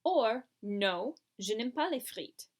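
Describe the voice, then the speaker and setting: A woman's voice: a little high, expressive, takes it slowly. A woman teaching a French lesson, explaining patiently step by step over slides. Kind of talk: recorded classroom lesson.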